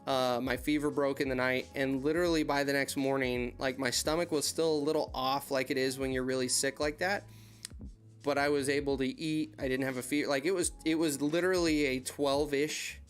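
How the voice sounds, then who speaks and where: Soft music plays behind this American YouTuber and heavy equipment operator as he takes questions on a relaxed live stream from his desk. His mid-range voice stays fairly even in intonation and moves a bit quickly, drifting into rambling stories and calling out viewers by name.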